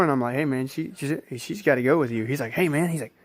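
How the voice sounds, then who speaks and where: A man's voice: mid-range voice, fast, hardly any pauses, no echo. A man vlogging, telling a personal story in a rambling, repetitive way and acting out what others said. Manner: rambling, repetitive retelling with acted-out quotes. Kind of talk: casual storytelling.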